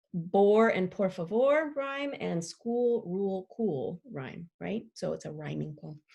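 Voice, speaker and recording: Woman teacher asking kids gentle questions. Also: medium pitch, expressive, takes it slowly, vocal fry, few pauses. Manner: gentle questioning aside to young listeners. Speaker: teacher reading to children. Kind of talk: read-aloud lesson.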